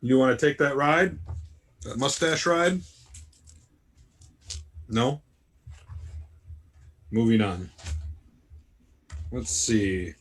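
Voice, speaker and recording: A man's voice: mid-range voice, lively intonation, drawn-out words, pauses often. Brief: man, poker-stream co-host, dry teasing banter. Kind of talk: casual live-stream banter.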